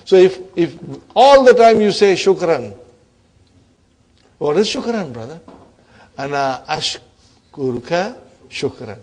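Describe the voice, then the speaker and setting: A man teaching an online Arabic grammar class, encouraging his students and often checking in with a quick "huh?". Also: on the high side, big pitch swings, a little mellow. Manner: addresses students as brothers and sisters.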